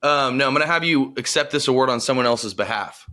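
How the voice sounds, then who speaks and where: A man's voice: medium pitch, fast. A man co-hosting a casual comedic chat, running the game and giggling often. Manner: giggly, lively.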